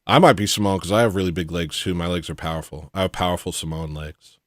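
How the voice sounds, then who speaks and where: A man ranting casually as a comedic livestream host, mumbling asides between louder bursts. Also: low voice, fast talker, dry recording, clean studio sound. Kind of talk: rambling comedic livestream rant.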